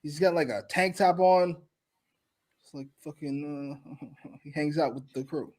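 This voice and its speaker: A man's voice: fairly high pitch, a little slow, a little mellow. A man co-hosting a wrestling review, giving sarcastic, opinionated commentary in casual chat and swearing freely.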